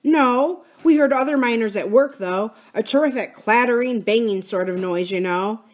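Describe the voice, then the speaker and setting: A woman's voice: a little high, moderate pace, voice pushed up, close to an everyday voice. A woman voicing an earnest, anxious schoolboy in a storybook reading. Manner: earnest, pleading.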